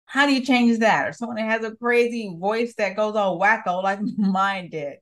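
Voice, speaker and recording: A woman communication coach hosting her show, talking listeners through voice habits in a direct, encouraging way. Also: mid-range voice. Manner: direct, encouraging, repeats words for emphasis. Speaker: communication coach and podcast host. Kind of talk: coaching monologue.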